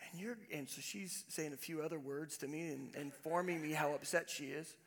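A male pastor preaching a sermon, telling a self-deprecating story with animated, humorous delivery. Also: on the high side, normal speed.

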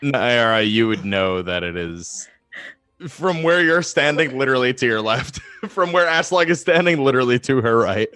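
Male dungeon master, mid pitch, smooth, hesitant. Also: lively intonation, moderate pace, bright, forceful tone, dry recording, clean studio sound, faint music behind. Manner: hesitant, thinking aloud with many ums. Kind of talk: running a tabletop game.

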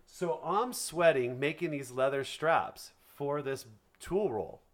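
A man's voice: on the high side, slow. A middle-aged man telling a story in casual podcast chat, acting out quotes. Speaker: podcast co-host.

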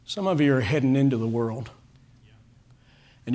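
A man preaches in church with a middle-pitched voice, speaking to the congregation in front of him. He is fervent and rises to loud, pleading calls at the high points of the sermon. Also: animated, normal speed, pauses often. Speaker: pastor.

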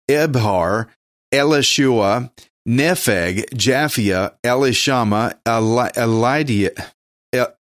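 A man's voice: medium pitch, a bit bright, dry recording, clean studio sound. A man from Texas with a Texan accent, teaching the Bible on a radio show in a casual, folksy, joking way, sometimes stumbling over names.

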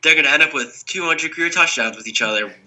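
A young man with a very bright, sharp voice, a little sick, co-hosting a casual sports podcast. He rambles and restarts his sentences, piling on "like". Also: fairly high pitch, lively intonation, fast, slight background noise. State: sick, may cough. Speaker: podcast co-host.

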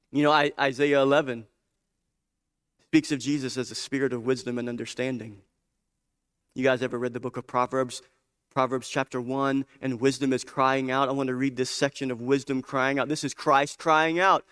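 A man's voice: medium pitch, normal speed. A man preaching a sermon, building emphasis through repetition and direct questions to the congregation. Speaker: pastor.

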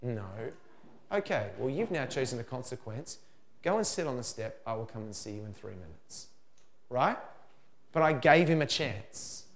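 A middle-aged man giving a lively parenting seminar talk, acting out dialogue as he goes. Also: medium pitch, moderate pace. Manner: animated, acts out dialogue in put-on voices.

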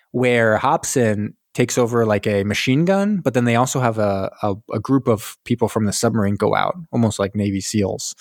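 A man's voice: medium pitch, no room sound, studio quality. A man on a podcast retelling a war film in casual chat, acting out characters' lines, swearing and laughing. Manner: animated storytelling, acts out lines, swears and laughs. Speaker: podcast co-host.

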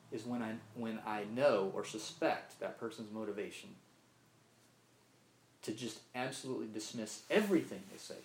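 Earnest preacher in an echoey room. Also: male voice, medium pitch, slight background noise. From Mississippi. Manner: earnest, repeats words, asks "right?" often. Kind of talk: sermon. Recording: roomy echo, faint ambience.

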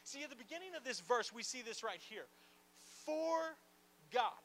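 A man preaching a sermon to a church gathering in an animated, conversational way, with playful asides and lots of "like" fillers. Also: very high-pitched, normal speed, slight background noise. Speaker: pastor. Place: church gathering in a large room.

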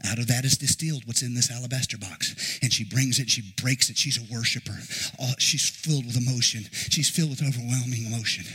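A man preaching a sermon to a congregation in a church, with a sing-song cadence, rising shouts and folksy joking asides. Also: medium pitch, a little fast, slightly rough, rough recording. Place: church sanctuary before a congregation.

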